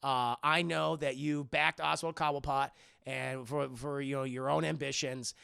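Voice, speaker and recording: A man voicing a brooding, wealthy young hero, speaking low, quiet and earnest. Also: level tone, moderate pace, gravelly, smooth, dry recording, studio quality.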